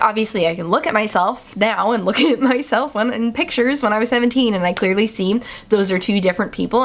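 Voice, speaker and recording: A young adult woman hosts her own podcast in a loose, conversational monologue. Her voice sits fairly high and swings up and down as she talks. She pokes fun at herself as she goes. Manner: chatty, self-deprecating, animated swings in pitch. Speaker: podcast host. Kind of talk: casual solo podcast monologue.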